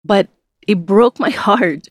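A woman's voice: mid-range voice, slow, no echo, studio quality. An earnest woman giving a reflective comment as a podcast host.

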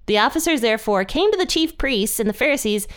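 A young woman hosting a podcast, teaching a Bible passage in a chatty, animated way. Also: a little high, quick pace. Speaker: podcast host. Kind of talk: casual Bible study teaching.

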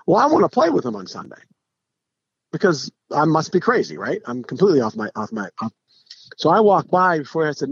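A middle-aged man, a podcast guest, telling stories in a casual, animated way, with frequent restarts and acted-out quotes. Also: a little high, a little fast, slightly rough, no room sound. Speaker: podcast guest, pro golfer. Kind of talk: casual storytelling. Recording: dull lo-fi podcast audio.

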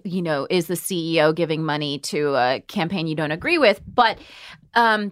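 A woman's voice: on the low side, fairly bright tone, no room sound, clean studio sound. A woman hosting a podcast, talking in an impassioned, rambling way with many fillers and some swearing. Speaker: podcast host. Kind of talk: casual discussion. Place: New York.

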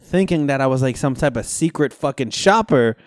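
A man co-hosting a casual sports podcast, telling animated stories and swearing often. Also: medium pitch, normal speed, no room sound, studio quality. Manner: animated storytelling with profanity. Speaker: podcast co-host.

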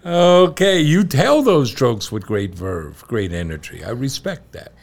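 A middle-aged father co-hosting a casual show, an animated storyteller who laughs often. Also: lowish voice, measured pace, creaky. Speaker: podcast co-host and father. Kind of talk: casual chat and joke telling.

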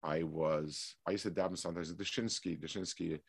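A man teaching a weekly Torah class, explaining slowly with restarts and reading passages of Hebrew text quickly. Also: low voice, steady tone, vocal fry, slightly rough, dry recording.

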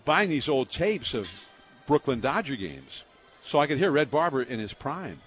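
An older male broadcaster of baseball from the Bay Area around San Francisco shares lively anecdotes in an interview, laughing a lot and using many fillers. His mid-range voice moves at normal speed, with faint music in the background.

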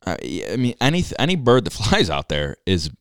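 A man's voice: sits low, wildly swooping pitch, fairly quick, clean tone, no room sound, clean studio sound. A man co-hosting a podcast in easygoing casual chat, laughing as he talks. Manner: easygoing, laughs while talking. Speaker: podcast co-host.

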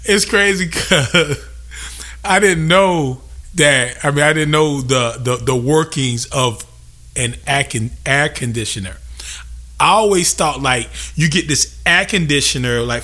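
A man's voice: mid-range voice, unhurried, bright, forceful tone. A young man hosting a podcast, venting casually with loose, profane talk and lots of repetition for emphasis. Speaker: podcast host.

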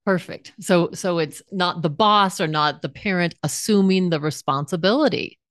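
A woman's voice: lowish voice, moderate pace. A woman hosting a podcast interview who chimes in with eager short affirmations. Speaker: podcast host.

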